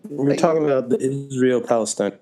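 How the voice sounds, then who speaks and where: A man's voice: medium pitch, quick pace, dark tone. A young man co-hosting a casual podcast through a poor-quality microphone. He talks hesitantly and trails off mid-sentence. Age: young adult. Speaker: podcast co-host. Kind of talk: casual chat.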